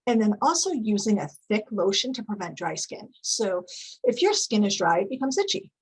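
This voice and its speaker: A woman giving a calm, instructive conference presentation, explaining behaviour strategies with frequent fillers. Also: medium pitch, normal speed, husky, poor audio. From United States.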